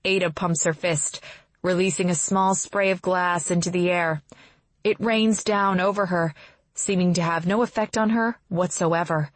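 A woman narrating a first-person fantasy novel in a steady, brisk storytelling manner. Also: on the low side, dry recording. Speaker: audiobook narrator.

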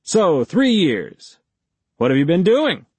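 A male audiobook narrator voicing a pushy police interrogator who badgers with rapid-fire leading questions. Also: on the high side, big pitch swings, a little mellow, slightly rough, dry recording, pitched above the performer's own voice, heavily acted. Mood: badgering. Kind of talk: audiobook character voice.

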